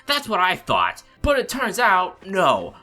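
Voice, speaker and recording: Guy ranting over his game, bright lively voice, swears a lot, faint music behind. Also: high voice, slow. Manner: frustrated, profane, lots of "like, you know". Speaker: let's play host. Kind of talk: casual gameplay commentary.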